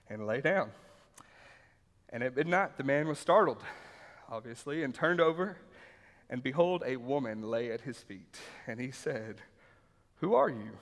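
A man preaching a sermon and reading scripture aloud, talking conversationally, repeating points for emphasis and often asking the room "right?". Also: mid-range voice. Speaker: pastor. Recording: reverberant hall.

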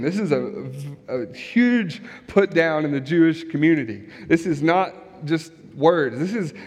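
Preacher with a high voice in a reverberant hall. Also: male voice, darkish tone. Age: young adult or middle-aged, has kids. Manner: conversational, asks the congregation rhetorical questions. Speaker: pastor. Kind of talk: sermon.

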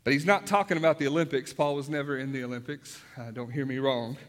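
A man's voice: medium pitch, steady tone, fast. A man preaching a sermon as pastor in a church, conversational with rhetorical questions and joking asides. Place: church sanctuary. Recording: long hall reverb.

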